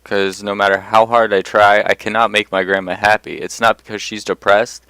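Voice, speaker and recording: A young man tells a personal story straight to the camera, blunt and profane, getting worked up as he goes. His voice sits low and sounds smooth and clear. The sound is dry and close, with no room echo. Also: flat delivery, normal speed, fairly bright tone. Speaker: vlogger. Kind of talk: casual storytelling monologue.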